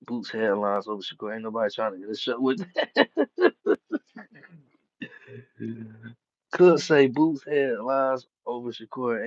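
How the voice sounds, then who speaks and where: A man's voice: on the low side, no echo, lo-fi sound. A man chatting casually about boxing, heavy on street slang and profanity, laughing often. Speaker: boxing commentator. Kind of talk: casual chat.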